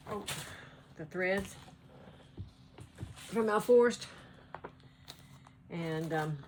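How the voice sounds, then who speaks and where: Speaking very slowly in a fairly low voice, this North Carolina woman with a Southern accent vlogs about cross-stitch from home. She rambles in casual chat and laughs a lot, with slight background noise.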